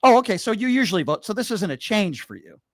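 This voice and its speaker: A man hosting a call-in talk show, energetic and chummy, laughing often with his callers. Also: high voice, fast, dry recording. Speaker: radio talk show host.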